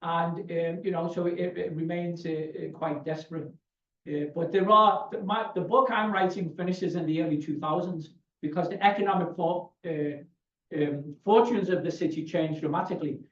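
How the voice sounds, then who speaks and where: A man's voice: a little high, steady tone, normal speed, fairly bright tone, recorded from a distance. Liverpool-accented man lecturing in a roomy hall. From Liverpool, England. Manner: digressive, anecdotal, frequent restarts. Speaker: guest speaker, scholar. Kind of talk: conversational Q&A answer. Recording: dull, roomy audio from afar.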